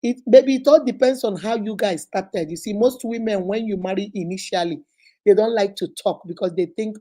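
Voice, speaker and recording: A middle-aged Nigerian woman hosting a relationship advice talk, telling stories with lively, acted-out quotes. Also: medium pitch, normal speed. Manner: lively storytelling, acts out quoted voices, frequent laughter. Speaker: host answering relationship questions. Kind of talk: animated casual advice talk.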